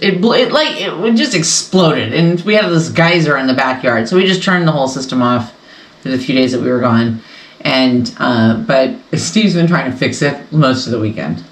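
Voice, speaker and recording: A woman's voice: low-pitched, a bit bright, reverberant, slight background noise, poor audio. A woman hosting a casual sew-along quilting vlog from her home sewing room, talking in a chatty, rambling way and laughing often. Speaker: quilting channel host.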